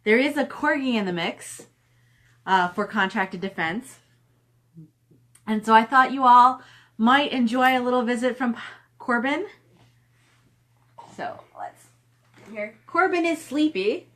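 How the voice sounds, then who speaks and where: A woman's voice: on the high side, a little slow, pauses often, a bit bright. Chatty middle-aged woman on a livestream. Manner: chatty, reads viewer comments aloud and coos at her dog. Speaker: author hosting a live stream. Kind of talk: casual live-stream chat. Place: at home.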